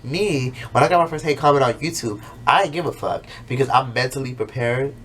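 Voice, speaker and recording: A man's voice: medium pitch, brisk, fairly bright tone. A man in the middle of his range talks through an episode in a loose, profane way, like a YouTuber chatting straight to his viewers. He keeps jumping into exaggerated voices to mimic the characters, and a faint hum of room ambience sits behind him. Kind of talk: casual, profane recap monologue.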